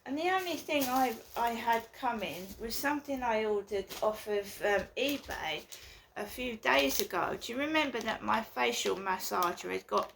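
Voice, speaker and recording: A woman rants casually from her flat, circling back over the same complaints. Her voice sits fairly high and sounds bright and sharp, with a gravelly edge. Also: normal speed, slight background noise. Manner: agitated, repetitive complaining. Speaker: vlogger. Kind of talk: casual ranting monologue.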